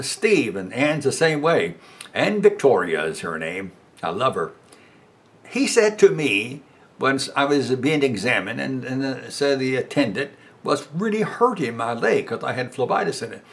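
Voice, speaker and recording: An older man preaches a sermon at an unhurried pace, his pitch rising and falling with lively swings. He speaks emphatically and acts out the voices he quotes as he answers them.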